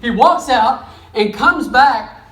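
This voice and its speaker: A preacher leads a sermon, telling the story with lively, folksy asides and plain talk. The voice sits in the middle of the range. It rings through a roomy church, picked up from a few steps off. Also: mid-range voice, slow. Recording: echoey church room, mic at a distance.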